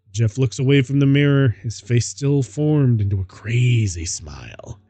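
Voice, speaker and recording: A man's voice: mid-range voice, animated, moderate pace, few pauses, warm tone, dry recording. A man streaming himself reading a story aloud, laughing at the text and adding mocking asides. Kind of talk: casual dramatic reading.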